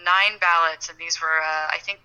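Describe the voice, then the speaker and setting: A woman's voice: sits low, steady tone, normal speed, pushed and bright, clear, resonant tone, rough recording. A woman co-hosting a podcast in casual chat, wry and rambling, often restarting her sentences. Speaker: podcast co-host.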